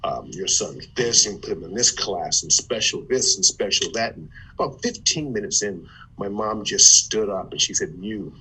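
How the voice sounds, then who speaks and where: Man from Ohio, motivational speaker, low and husky, lively storyteller. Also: normal speed, rough recording. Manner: animated, with stammered restarts. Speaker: guest, former football player turned motivational speaker. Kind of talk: conversational storytelling.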